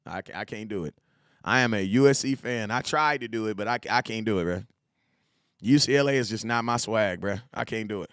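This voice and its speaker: A man in his forties hosting a casual live sports talk stream, animated and repetitive, full of slang, talking straight to his chat. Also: on the low side, brisk, clear, resonant tone, no echo, clean studio sound. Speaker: live show host.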